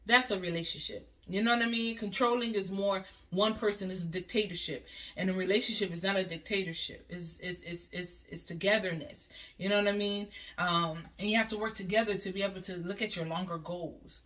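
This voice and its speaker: A woman talks through relationship advice in a loose, chatty way, often checking in with her listener. Her voice sits at an ordinary middle pitch. The mic is some distance from her, so she sounds a little removed. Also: normal speed, a bit bright. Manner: chatty, leans on "you know what I mean". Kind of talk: casual advice talk to camera. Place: bathroom. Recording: voice a bit far from the mic.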